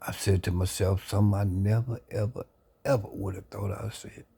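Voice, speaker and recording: A man earnestly sharing his life story into a phone camera, reflective and unhurried. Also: lowish voice, fairly even intonation, vocal fry, dark tone, husky. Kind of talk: personal testimony, casual talk.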